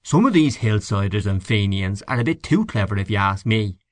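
Close to his everyday voice, a man with fairly low pitch plays a scornful middle-aged canvasser in an audiobook, grumbling and gossiping with indignant contempt. He is animated and a little fast, recorded in studio quality with no room sound.

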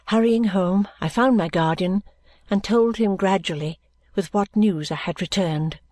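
A woman narrating a classic novel as an audiobook, in a measured, gentle reading. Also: medium pitch, dry recording.

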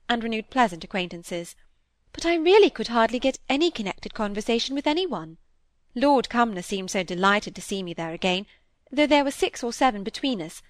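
A woman's voice: mid-range voice, dry recording, clean studio sound, natural voice. A woman voicing a chattering, name-dropping genteel middle-aged lady in a storybook reading.

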